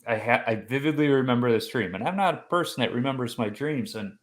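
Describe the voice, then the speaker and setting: A man hosting a podcast, telling a personal story in a lively conversational way and acting out the voices he quotes. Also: mid-range voice, fast. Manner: animated storyteller who acts out quoted voices. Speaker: podcast host.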